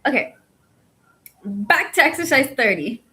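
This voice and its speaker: Squeaky-voiced woman reading aloud. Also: big pitch swings, measured pace, pushed and bright, poor audio. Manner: swears freely and chats between passages. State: voice worn from talking all day. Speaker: book-reading channel host. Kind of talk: reading a book aloud with casual commentary.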